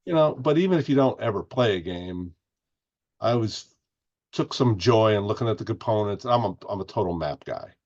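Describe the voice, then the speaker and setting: Podcast guest: low-voiced man, meandering and chatty, dull lo-fi recording. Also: animated, brisk, a little mellow. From Indiana, US. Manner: rambling, restarts often. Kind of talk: casual interview chat.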